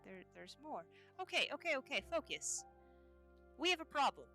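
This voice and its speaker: A woman's voice: high voice, big pitch swings, normal speed, pushed and bright. A woman streamer chatting in character during a game, scattered and rambling as she talks to her chat. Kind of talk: in-character roleplay chat while gaming. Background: faint background music.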